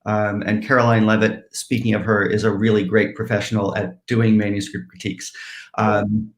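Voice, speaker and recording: A man's voice: fairly low pitch, level tone, normal speed, roomy sound. A man, a writer, speaking thoughtfully with some hesitation on a conference panel. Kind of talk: casual panel conversation.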